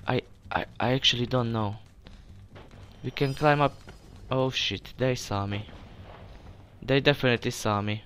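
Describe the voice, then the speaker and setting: A man's voice: medium pitch, steady tone, measured pace, a bit bright, slight background noise. Jumpy young man swearing through gameplay. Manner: jumpy, swears often, stammers when startled. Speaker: let's play gamer. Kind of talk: casual gameplay commentary.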